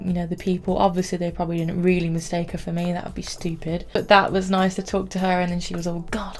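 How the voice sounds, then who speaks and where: A woman's voice: on the low side, a little mellow. A young woman chatting to camera in a rambling storytelling way, saying "like" often. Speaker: vlogger.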